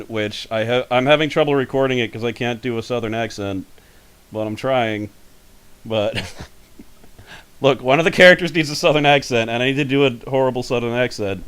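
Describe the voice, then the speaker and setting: A man's voice: mid-range voice, normal speed, fairly bright tone, clean tone. A man hosting a casual podcast, talking loosely and laughing often while listing his gaming videos. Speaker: podcast host.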